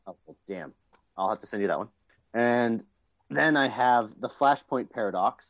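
Young male podcast co-host, enthusiastic and rambling, mid pitch, dull lo-fi recording. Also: normal speed. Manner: enthusiastic, rambling with many fillers. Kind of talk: casual chat.

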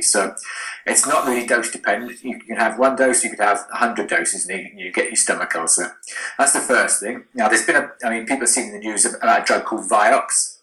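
A man's voice: fairly low pitch, pushed and bright, echoey room, poor audio. A man, a doctor on a podcast, explaining frankly and plainly in conversation. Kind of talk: explanatory chat.

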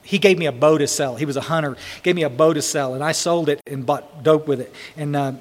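A man's voice: a little high, fairly even intonation, brisk, long reverb tail. Emotional, rambling man at a recovery meeting. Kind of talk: answering questions at a meeting.

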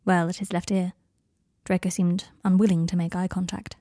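Mellow woman narrating a story. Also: lowish voice, flat delivery, normal speed, no echo, clean studio sound. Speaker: audiobook narrator. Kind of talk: fan fiction audiobook narration.

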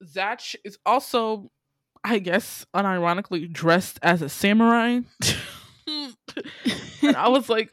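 A podcast host recapping a movie in a casual, animated way, acting out quoted lines and laughing often. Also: medium pitch, measured pace, pauses often, no echo.

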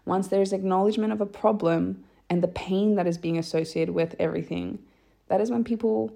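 A woman's voice: mid-range voice, steady tone, a little fast, gravelly, dark tone. A woman talking candidly and emotionally to camera in a rambling personal monologue, swearing freely. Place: lives in Iceland.

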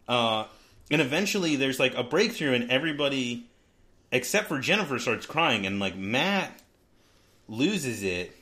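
A man's voice: medium pitch, very animated, normal speed, sharp tone. Guy chatting on a podcast, lots of likes and ums, laughing as he retells stuff. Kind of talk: casual book discussion.

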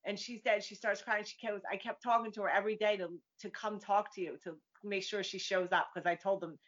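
A woman who works as a psychic medium chats casually as an interview guest, telling stories and performing the voices she quotes. Her voice is mid-range with a steady tone and a brisk pace. The recording is dull and lo-fi.

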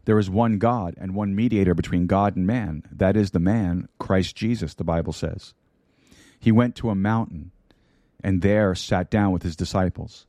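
A man's voice: low voice, moderate pace, warm tone, no room sound. A man preaching a sermon into a studio microphone, repeating key lines and dropping in light humor. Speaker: pastor. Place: broadcast studio.

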